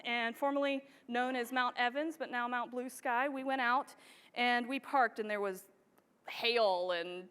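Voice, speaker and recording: A woman giving an enthusiastic, animated storytelling presentation to a live audience. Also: on the high side, unhurried, smooth. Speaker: wildlife photographer giving a stage presentation. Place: large hall with a live audience. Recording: reverberant hall sound.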